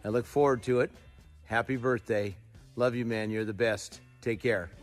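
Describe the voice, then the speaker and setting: A man's voice: mid-range voice, steady tone, moderate pace, soft background music. A man sending easygoing, teasing birthday wishes by video.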